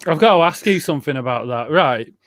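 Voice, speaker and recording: A man's voice: a little high, animated, fast talker, fairly bright tone, no room sound, clean studio sound. A man who is a guest on a casual livestream, joking and teasing in playful banter. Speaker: guest YouTuber.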